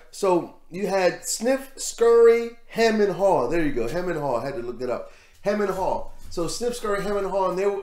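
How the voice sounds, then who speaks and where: A man's voice: sits high, a little mellow, reverberant. A man giving casual, rambling commentary on a news story as host of his own show, repeating words as he goes. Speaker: vlog host.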